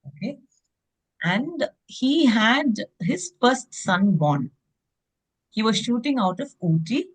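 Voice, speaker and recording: A woman's voice: on the low side, a little mellow, rough recording. A woman, a behavioral trainer and former airline worker, sharing workplace anecdotes in an interview, often saying "I mean" and "you know". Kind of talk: interview conversation.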